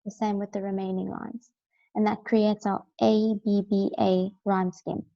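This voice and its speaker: A woman's voice: mid-range voice, flat delivery, unhurried, creaky, lo-fi sound. A woman teaching a recorded lesson, explaining step by step and often checking in with "right?".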